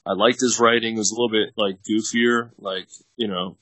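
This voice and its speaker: A man's voice: on the low side, fairly even intonation, brisk, fairly bright tone, no echo, rough recording. A man in his thirties telling casual stories as a podcast guest, rambling with many fillers and frequent laughs. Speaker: podcast guest, actor and producer. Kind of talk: casual storytelling chat.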